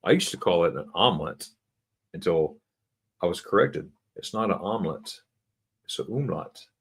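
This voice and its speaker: An American man hosting a casual livestream chat, reading viewer comments aloud and slowly sounding out German words. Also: low-pitched, expressive, husky. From United States. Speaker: livestream host. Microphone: computer mic for a livestream.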